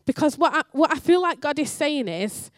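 A woman giving a sermon in church, telling a story and acting out the dialogue with lively energy. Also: high voice, normal speed, no room sound, studio quality. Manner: animated storytelling, acts out dialogue. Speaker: church speaker.

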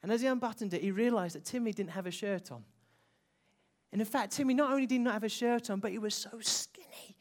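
A preacher telling an emotional story in a sermon, slowing down and dropping soft for emphasis. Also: mid-range voice.

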